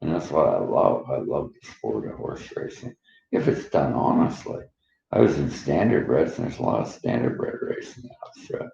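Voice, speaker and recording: A man's voice: a bass voice, sing-song, normal speed, vocal fry, dark tone, echoey room, dull audio. A middle-aged man from Canada rambling through personal stories in a loose monologue, laughing often and jumping between topics. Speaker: vlogger.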